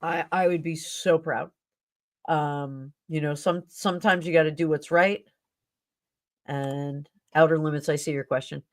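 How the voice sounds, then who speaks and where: A woman's voice: low voice, fairly even intonation, measured pace, no room sound. A woman hosting a live stream tarot reading who talks in an emotional, effusive way. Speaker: tarot reader and stream host.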